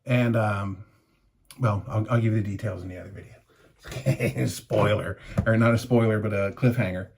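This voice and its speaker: A man's voice: lowish voice, steady tone, moderate pace, gravelly, noisy background. A man in his fifties rambling through an anecdote while shaving, chuckling as he reviews shaving gear. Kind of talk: casual vlog storytelling while shaving.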